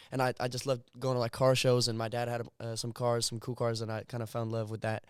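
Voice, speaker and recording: A man's voice: medium pitch, fairly even intonation, fast, hardly any pauses, clear, resonant tone, no room sound, studio quality. A teenage boy from South Africa, with Afrikaans as his first language, who speaks English with an American accent and chats casually as a guest, laughing often and using many fillers. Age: teens. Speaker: guest singer. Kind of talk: casual chat.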